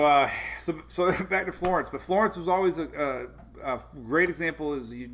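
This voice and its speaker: Gravelly rambling weather-show host, a man. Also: medium pitch, a bit bright. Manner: rambling, self-correcting, chuckles often, reads viewer comments. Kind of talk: casual livestream chat.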